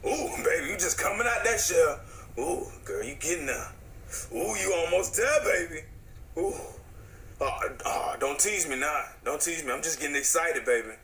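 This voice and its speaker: An excitable male cartoon bird voiced by a man, gushing and exclaiming in a bright, high voice. His pitch swoops all over the place. The room gives it a roomy echo. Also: fairly quick, slight background noise, heavily acted. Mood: crooning. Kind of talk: cartoon voice acting.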